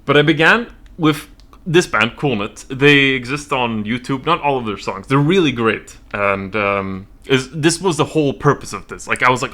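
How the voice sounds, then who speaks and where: A man's voice: mid-range voice, lively intonation, normal speed, pushed and bright. A young man from Sweden streaming from home, rambling nervously with lots of giggling.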